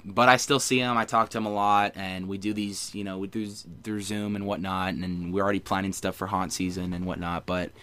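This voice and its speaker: A man hosting a podcast, earnest and halting, with many fillers. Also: sits low, level tone, sharp tone. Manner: earnest, hesitant, lots of fillers. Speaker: podcast host. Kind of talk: casual podcast interview.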